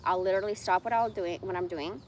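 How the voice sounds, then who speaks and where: A woman's voice: lowish voice, fast talker, a little hiss or hum. A woman in her forties ranting bluntly and profanely in a casual livestream monologue. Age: 40s.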